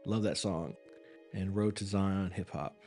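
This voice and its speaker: Low-voiced chatty man streaming live. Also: unhurried, a little mellow, faint music behind. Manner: chatty, rambling, apologetic, self-mocking. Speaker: live-stream reaction host. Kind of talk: casual live-stream chat.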